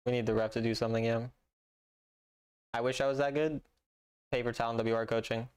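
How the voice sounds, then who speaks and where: Speaking a little fast in a smooth, slightly mellow voice of medium pitch, a young streamer keeps a steady tone. He's relaxed while gaming live, reading viewer messages aloud and trading dry jokes.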